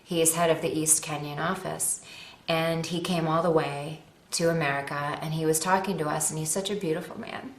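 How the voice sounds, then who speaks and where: Earnest woman, lowish voice, roomy echo. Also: steady tone, moderate pace. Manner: earnest, rambling, self-deprecating. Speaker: actress and animal-rights advocate. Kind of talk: personal appeal to viewers. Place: at home with her dog nearby.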